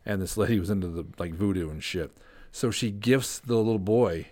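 A man's voice: lowish voice, moderate pace, darkish tone, dry recording. A man hosting a podcast, talking in a laid-back, casual way and swearing freely. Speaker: podcast host. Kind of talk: casual chat. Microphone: podcast studio mic.

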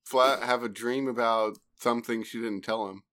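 A man co-hosting a relaxed podcast in an ordinary mid-range voice. He keeps his turns short and dry, asking the occasional pointed question. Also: mid-range voice, normal speed. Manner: brief reactions and dry questions. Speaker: podcast co-host. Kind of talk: casual podcast chat.

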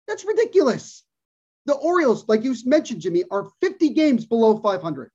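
A man's voice: extremely high pitch, sing-song, brisk, darkish tone. A man co-hosting a podcast, ranting emphatically about sports and repeating his points for stress. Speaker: podcast co-host. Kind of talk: casual sports talk, opinionated rant. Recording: dull lo-fi podcast audio.

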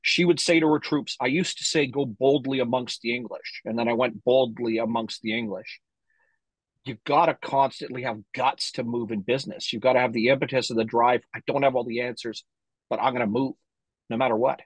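A man's voice: medium pitch, fairly even intonation, a little fast, breathy edge, dry recording, poor audio. A man hosting a podcast interview, casual and emphatic, chiming in with short reactions. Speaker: podcast host.

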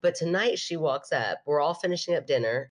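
A woman podcast host telling a story in casual chat, animated, laughing often and acting out what people said. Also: low voice, brisk.

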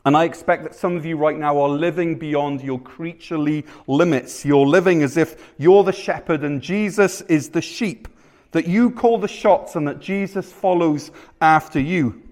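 A male pastor preaching a sermon at a live church service, conversational and self-deprecating, telling stories with animated asides. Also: a little high, normal speed.

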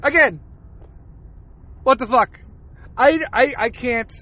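A man's voice: very high voice, takes it slowly, sharp tone. A man hosting a podcast, ranting in a casual, profane monologue and laughing between rants. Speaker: podcast host.

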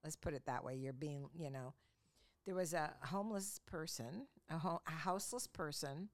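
Middle-aged woman co-host, low-pitched, rambling chatty storyteller who pokes fun at herself. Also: normal speed. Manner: chatty storyteller, self-mocking, laughs often. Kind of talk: casual chat.

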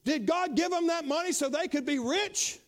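Middle-aged pastor, very high voice, preaches in swings from hushed to shouting. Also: male voice, moderate pace. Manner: preaching, swinging from low intimate tones to loud exhortation. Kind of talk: sermon.

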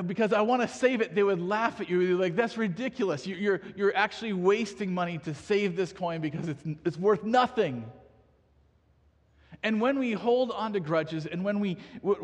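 A man in his thirties delivers a sermon in an earnest, questioning way, often restarting his sentences. His voice sits high and sounds a little husky. The sound trails off in the long reverb of a large hall. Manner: earnest, asks the congregation questions, frequent restarts. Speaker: pastor.

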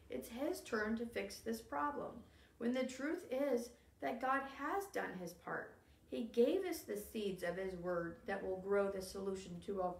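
A woman's voice: on the high side, vocal fry. A woman co-hosting a Bible study, reading a faith text aloud in an earnest, emphatic way. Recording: echoey room, voice a bit far from the mic.

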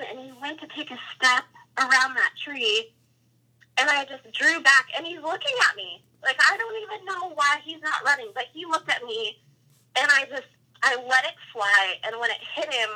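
A woman recounts a hunt in a casual, animated way, acting out the quotes and the animal calls. Her voice is very bright and sits a little high for a woman. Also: slightly rough, rough recording. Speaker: hunter telling a story. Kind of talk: casual storytelling.

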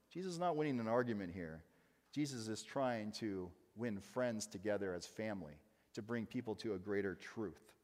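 A male pastor preaching a sermon in a church, emphatic, rising to loud stresses and dropping to quiet asides. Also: mid-range voice, in a large hall.

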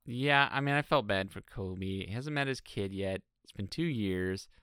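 A man's voice: lowish voice, moderate pace, a bit bright, clean tone, dry recording, studio quality. A man co-hosting a podcast, giving blunt opinions in casual chat and swearing freely. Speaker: podcast co-host. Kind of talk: casual chat recapping a reality show.

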